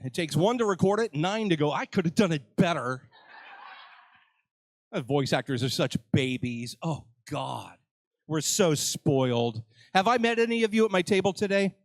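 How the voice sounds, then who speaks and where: An older man with a high-pitched voice hosts a live panel on a convention stage. He jokes with the crowd and pokes fun at himself, with no echo in the recording.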